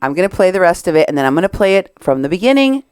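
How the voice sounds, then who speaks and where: A woman's voice: fairly low pitch, big pitch swings, very fast, darkish tone, clear, resonant tone, no room sound. A Mexican American woman hosting a podcast, commenting on recorded clips in an indignant, sarcastic way. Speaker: podcast host.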